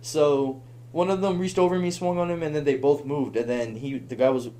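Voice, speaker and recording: A young man telling a long story on a podcast in a casual, animated way, laughing and acting out the voices of the people in it. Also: on the high side, a little fast. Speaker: podcast guest.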